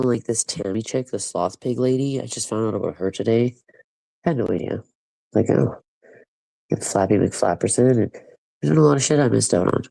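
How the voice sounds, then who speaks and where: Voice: medium pitch, vocal fry, mellow, dry recording, rough recording. A speaker in casual voice-call chat, gossiping and laughing through stories.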